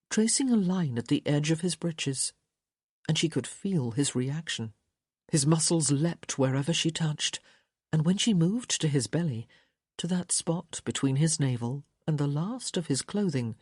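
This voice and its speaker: A woman reading a romance audiobook in a slow, soft, intimate manner. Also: sits low, husky, dry recording, studio quality. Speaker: audiobook narrator. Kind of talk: scripted romance audiobook narration.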